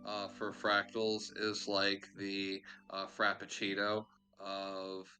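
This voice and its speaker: A man's voice: on the low side, completely flat delivery, slow pace, bright, forceful tone, soft background music. A man co-hosting a casual podcast, blunt and sarcastic, swearing freely. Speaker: co-host.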